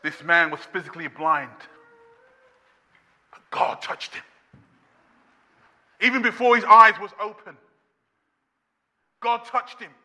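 Bright-voiced preacher in an echoing hall. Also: male voice, high-pitched, lively intonation, slow pace, pauses often. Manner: impassioned, building to shouts with repeated refrains. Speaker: pastor. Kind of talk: sermon. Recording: long reverb of a church hall.

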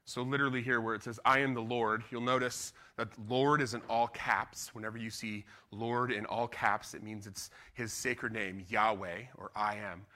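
Middle-aged pastor guy preaching, bright voice, chatty and animated. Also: lowish voice, moderate pace, few pauses. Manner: animated, conversational preaching with acted-out quotes. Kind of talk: sermon.

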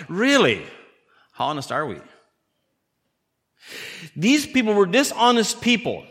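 A man's voice: sits high, very animated, measured pace, pauses often, fairly bright tone. A man, a pastor, preaching a sermon in a conversational way, asking the congregation questions and acting out little scenes. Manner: conversational preaching with rhetorical questions and acted-out dialogue. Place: church. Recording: church hall with long reverb.

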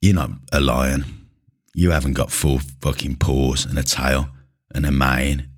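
A bass voice, level in tone, a little slow and husky, belongs to a middle-aged man who coaches at a gym and hosts a podcast. His casual rant to camera is blunt, indignant and full of swearing, recorded on a nearby camera mic.

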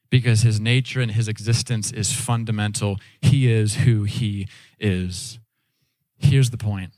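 A man preaching a sermon in a casual, animated way, acting out quoted voices as he tells stories. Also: lowish voice, no room sound. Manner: casual, with frequent "like" and "all right". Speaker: pastor.

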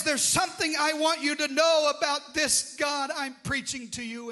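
A man preaching a sermon with passion, swinging from drawn-out shouted phrases to hushed, quiet lines. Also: very high-pitched. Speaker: pastor.

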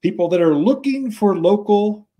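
A radio host chats in a studio, joking along with his guest. His voice sits a little high for a man and swings widely in pitch. It comes across lively and talkative. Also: normal speed. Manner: chatty, joking, animated. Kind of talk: casual radio chat.

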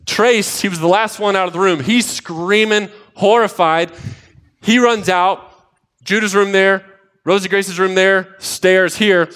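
A man's voice: sits high, unhurried. A man in his thirties preaching a sermon, telling family stories and building to emphatic repeated lines. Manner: animated storytelling, rising to emphatic repeated lines. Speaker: pastor.

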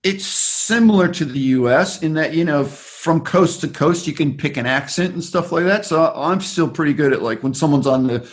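A man's voice: fairly high pitch, moderate pace, few pauses. Rambling Australian man telling stories. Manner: rambling, loose storyteller with frequent restarts. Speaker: interview guest, former aerial survey worker. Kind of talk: casual conversational interview.

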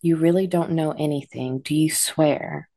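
A distraught, accusing mother, read out by a woman narrator. The voice sits low and mellow, close and dry. She pleads and screams in turn. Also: moderate pace, dry recording. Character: frantic grieving mother, turning furious.

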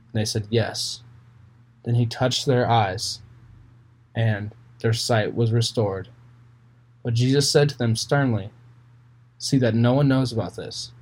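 Man, mid-pitched voice, casual scripture reading, plain explanations, filler words. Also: darkish tone. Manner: reads a passage, then explains it plainly with fillers. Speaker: Bible reader and commentator.

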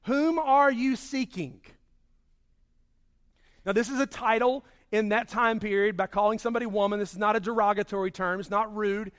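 High-voiced male preacher, dramatic swings. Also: level tone. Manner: dramatic swings from loud emphasis to hushed, slow delivery. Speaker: pastor. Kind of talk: sermon.

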